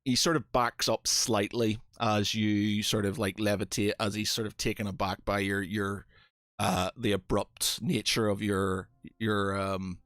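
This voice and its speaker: A man's voice: fairly low pitch, flat delivery, measured pace, a bit bright, dry recording, clean studio sound. A man narrating as game master of a tabletop game, hesitant and full of fillers.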